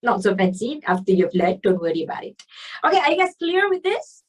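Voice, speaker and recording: A woman's voice: medium pitch, sing-song, a little fast, distant mic, poor audio. A Malaysian woman teaching grammar, mixing English and Malay in a chatty, coaxing way and stretching out key words.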